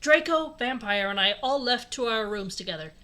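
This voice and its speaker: Casting: young woman, comedic read-aloud host, slightly high, bright tone. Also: expressive, normal speed. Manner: sarcastic, laughing asides between read lines. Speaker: host reading a fan fiction aloud.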